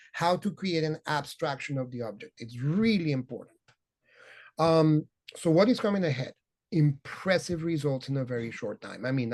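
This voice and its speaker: A man's voice: a little high, a little mellow. A man presenting a teaching session to art teachers, talking with enthusiasm and effusive praise. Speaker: workshop presenter.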